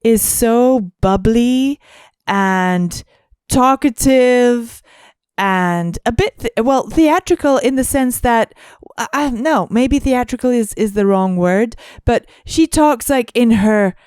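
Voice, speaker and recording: Woman co-host, smooth and dry close sound, casual musing chat. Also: on the high side, lively intonation, slow, darkish tone, dry recording. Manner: musing, searching for words. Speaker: podcast co-host.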